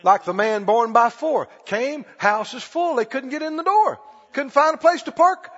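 A man preaching a sermon, emphatic, often shouting and repeating phrases. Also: very high-pitched, moderate pace, big-room sound, highs cut off, a faint crowd.

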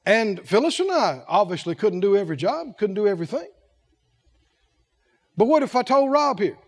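A male preacher with a strikingly high voice delivers a sermon. His pitch leaps and dips all the time, and his lively phrasing pushes the room with rhetorical questions. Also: moderate pace.

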